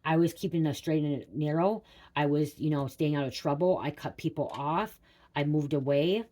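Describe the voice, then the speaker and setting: A woman's voice: low voice, normal speed, dark tone. A young woman tarot reader rambling through a personal story for her viewers, repeating herself and saying "like" a lot.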